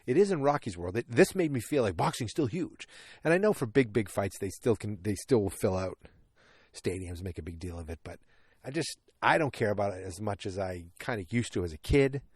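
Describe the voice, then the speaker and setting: A man's voice: fairly low pitch, expressive, a little fast, a little mellow, husky, dry recording, studio quality. Rambling man recapping a movie. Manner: rambling, self-correcting, joking asides. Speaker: podcast host. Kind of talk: casual movie recap podcast.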